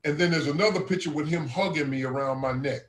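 A man's voice: on the high side, quick pace, reverberant, slight background noise, poor audio. A man who serves as a regional minister, earnestly telling a personal testimony in a conversational way and often calling his listener brother. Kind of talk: testimony storytelling.

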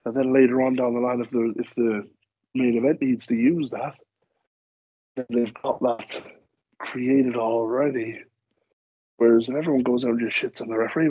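In a dry, dull lo-fi recording, a podcast guest who wrestles chats casually, rambling through stories and acting out what people said. His mid-range voice has a breathy edge.

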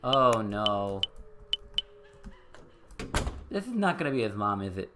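A man's voice: lowish voice, big pitch swings, takes it slowly, noisy background. A man giving casual let's play commentary, wry and reactive, with swearing. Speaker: gaming video host.

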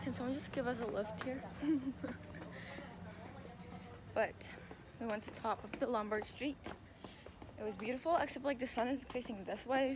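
A young woman with a fairly high voice, chatting excitedly to a handheld camera as she walks. The recording is full of loud street and traffic noise. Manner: chatty and excitable, laughing often. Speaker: travel vlogger. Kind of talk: casual vlog narration to camera. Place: outdoors on busy city streets.

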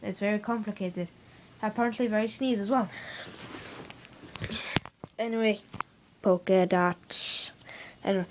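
A woman's voice: medium pitch, steady tone, a little slow, pauses often, noisy background. A young girl giving a playful home video tour, telling silly stories with mock-serious asides, recorded in a bedroom on a camera mic. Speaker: vlogger.

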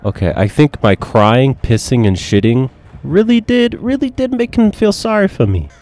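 A man giving casual gameplay commentary, excitable, profane and joking, with sudden yelps. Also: mid-range voice, normal speed. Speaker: gaming commentator.

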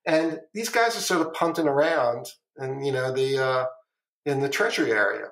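A man's voice: medium pitch, moderate pace, fairly bright tone. A middle-aged man, a former trader, telling long stories as a podcast guest, rambling and repeating phrases, with casual swearing. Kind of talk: casual storytelling interview. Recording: echoey room.

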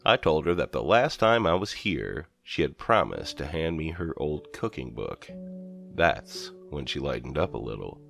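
Very deep, gravelly horror storyteller man. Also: very animated. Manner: measured, first-person storytelling. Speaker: narrator. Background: soft background music.

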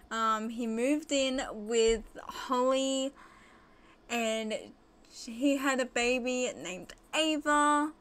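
Woman, high-pitched, unhurried, excitable let's-play commentary, gasps and gushes. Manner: gushing and excitable, lots of gasps and squeals. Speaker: gaming video host.

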